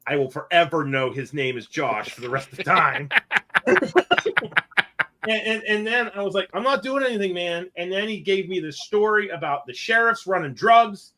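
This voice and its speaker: High-pitched excitable guy co-hosting a podcast, laughs a lot, acts out the whole story. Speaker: podcast co-host. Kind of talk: casual chat, animated anecdote.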